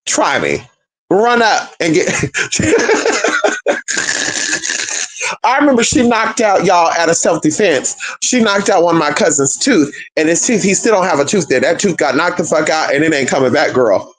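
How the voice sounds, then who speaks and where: A sassy young man, spinning a family story for his viewers. His voice sits high and swings all over the place as he talks, full of profanity and little asides of "girl" and "honey.". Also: lively intonation, brisk, hardly any pauses, a crowd in the background, low-quality recording. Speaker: spiritual content creator.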